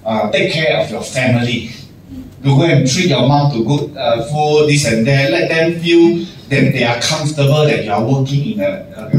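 Animated man in echoey room. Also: mid-range voice. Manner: animated, acts out little scenes with laughs. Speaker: general manager giving a talk to staff. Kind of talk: casual motivational talk. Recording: echoey room, distant mic, noisy.

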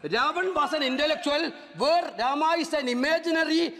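A man with a Malayali English accent speaks in a parliament chamber, his voice very high and pushing into shouts as he repeats his points. The big room adds a long reverb tail. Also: normal speed. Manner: forceful, repetitive, rising to shouts. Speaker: member of parliament. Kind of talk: parliamentary floor speech.

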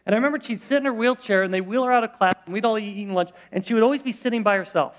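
A man's voice: sits high, very fast. A middle-aged male pastor preaching a sermon in church, conversational and storytelling, with frequent restarts.

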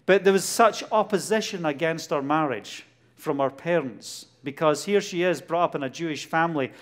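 A middle-aged man with a Glasgow Scottish accent gives a testimony sermon, telling a story with lively bursts and acting out dialogue. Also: fairly high pitch, normal speed. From Scotland. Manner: animated storytelling, laughs often, acts out dialogue. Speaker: preacher.

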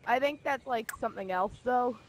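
A woman's voice: on the high side, normal speed, a little hiss or hum. A woman giving live, chatty gameplay commentary, exclaiming and reacting as she plays. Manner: excitable, chatty, exclaiming at the game. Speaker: gaming video host. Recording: loud game music behind the voice.

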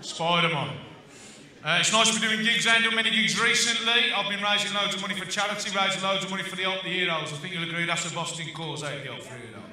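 A man's voice: high voice, quick pace, sharp tone. A man with a Black Country accent doing live musical stand-up, telling dry, self-mocking one-liners. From Black Country, West Midlands, England. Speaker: musical comedian. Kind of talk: live stand-up comedy with guitar. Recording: very echoey live room, distant voice. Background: guitar music.

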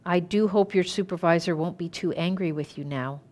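A woman reading the part of a lonely, gentle older man, in a mild and polite way. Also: lowish voice, brisk, close to an everyday voice.

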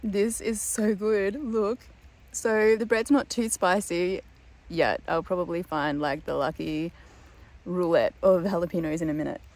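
A woman's voice: fairly low pitch, measured pace, darkish tone. A young woman vlogging casually to a handheld camera, chatty and rambling, with lots of ums and likes and frequent laughs. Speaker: long-distance walker and vlogger. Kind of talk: casual vlog chat to camera.

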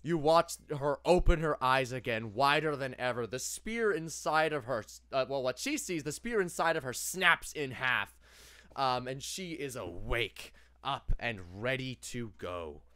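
Lively, bright-voiced young dungeon master. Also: male voice, mid-range voice, clean tone, no room sound. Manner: playful, laughing, halting narration. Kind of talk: narrating a tabletop game.

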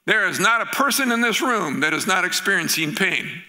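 A man's voice: high voice, moderate pace. A middle-aged male pastor preaching a sermon in a church, telling stories and acting out the voices in them. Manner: animated storytelling, acting out quoted voices.

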